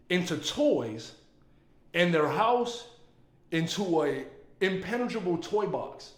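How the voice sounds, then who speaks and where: A man giving casual, emphatic movie commentary, excitable and full of profanity. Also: fairly high pitch. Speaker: movie reviewer. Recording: roomy echo.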